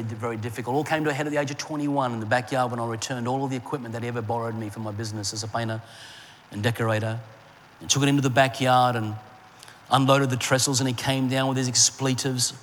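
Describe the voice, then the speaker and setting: A middle-aged man preaching a sermon and telling a personal story, rising in pitch for emphasis and dropping low and soft in his memories. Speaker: pastor. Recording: long hall reverb, faint ambient noise.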